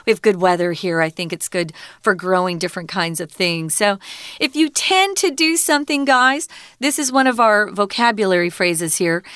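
Female English teacher, casual lesson, clear resonant tone, unhurried explanations. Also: fairly high pitch, a bit bright, no echo, clean studio sound. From Arizona, USA. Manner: explains words slowly, chatty asides. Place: lives in Taiwan.

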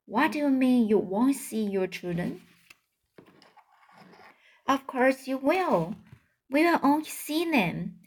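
A woman's voice: sits high, lively intonation, slow, long pauses, breathy edge, pitched above the performer's own voice, heavily acted. A woman voicing an innocent young male pig who asks earnest, wondering questions in a storybook reading.

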